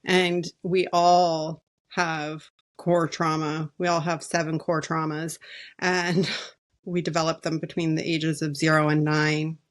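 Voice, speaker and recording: A woman's voice: low voice, level tone, takes it slowly. A woman co-hosting a podcast in casual chat, with light laughs between her phrases. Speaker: podcast co-host.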